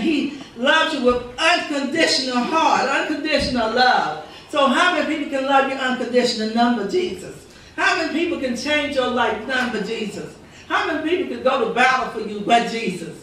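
A high, bright-toned woman pastor preaches with fervor, circling back on her phrases and calling out rhetorical questions. Her voice rings through a big echoing church, picked up by a mic set well away from her, with a faint hiss beneath. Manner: fervent, repetitive preaching with rhetorical quotes. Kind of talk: sermon. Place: church sanctuary. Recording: echoey church recording from far off.

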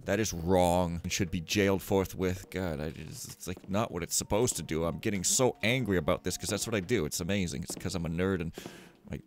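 A man's voice: sits low, fairly quick, few pauses, slight background noise. A young man giving rambling, sarcastic, self-mocking commentary as he plays a stealth game. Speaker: let's play host. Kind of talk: casual gameplay commentary.

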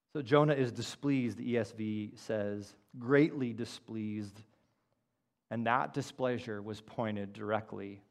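A man preaching a sermon as pastor, moving from loud emphatic lines to quiet low asides and acting out quoted words. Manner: acts out the prophet's quoted words.

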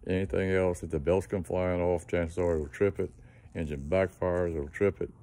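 A man with a very low, dark voice talks in a relaxed, folksy way, passing on a practical tip. His delivery stays flat and even, with plenty of fillers and restarts. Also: moderate pace. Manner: plainspoken, folksy, trailing fillers. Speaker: engine mechanic giving a tip. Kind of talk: casual how-to talk to camera.

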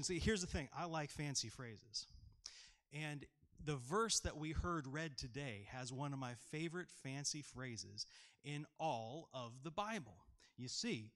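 A man's voice: a little high, fairly bright tone. A man pastor giving a children's sermon in a church, playful and often asking the kids questions.

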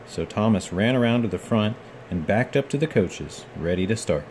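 A man with a fairly low voice reads a children's picture book aloud. His storytelling stays gentle and measured, with a faint hum in the background. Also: lively intonation.

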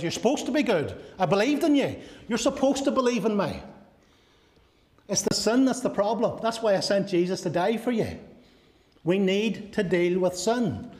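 A man delivering a sermon in a slightly high voice. He preaches earnestly and asks many rhetorical questions, then sinks to a soft, low tone on the key lines. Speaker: pastor.

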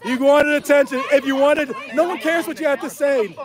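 Street protester heckling on a livestream: high-pitched man, taunting and repetitive, crowd noise all around. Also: moderate pace. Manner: taunting, mocking, repetitive jeers. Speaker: protester filming a street confrontation. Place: city street at night outside a restaurant.

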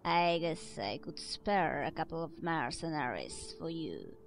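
Casting: gruff game noble, deep and gravelly, slow drawling delivery over faint hiss. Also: female voice, sing-song, heavily acted. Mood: grudging.

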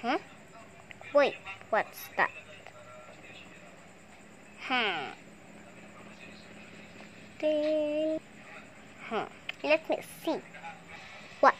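Slow, playful woman telling a toy story. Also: sits high, a little hiss or hum. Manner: slow, playful, sing-song with excited squeals. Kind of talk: toy play storytelling with put-on voices.

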